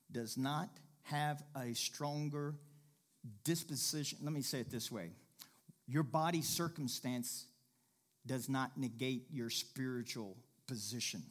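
Man preaching a folksy, emphatic sermon. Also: mid-range voice. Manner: preaching with rising emphatic bursts and repetition; folksy, jokes with the congregation and laughs. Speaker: pastor.

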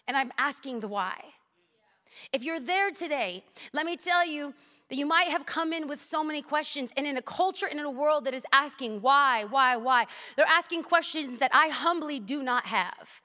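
A woman preaching a sermon in a large church hall, animated and humorous with punchy delivery. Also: high voice, normal speed. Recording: long hall reverb.

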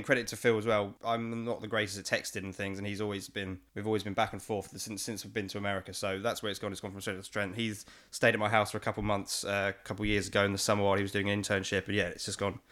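A man's voice: lowish voice, fairly bright tone. A young man talking as a podcast guest, a little hesitant, often restarting his sentences. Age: young adult. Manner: hesitant, with restarts and nervous laughs. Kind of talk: casual podcast chat.

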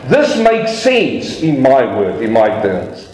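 A man's voice: mid-range voice, wildly swooping pitch, slow pace, a little mellow, a little hiss or hum. Emphatic preacher man in an echoey church. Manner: emphatic preaching, acting out voices, rhetorical questions. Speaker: pastor. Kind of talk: sermon.

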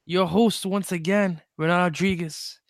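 A young man hosting a casual sports podcast, energetic and jokey, with quick stumbling restarts. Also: high voice, no echo, clean studio sound. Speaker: podcast host.

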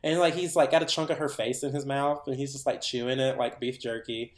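A man's voice: medium pitch, fairly quick. Podcast co-host, male, chatty and rambling, echoey room sound. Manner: animated rambling retelling full of "like"s. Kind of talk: casual chat. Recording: roomy echo.

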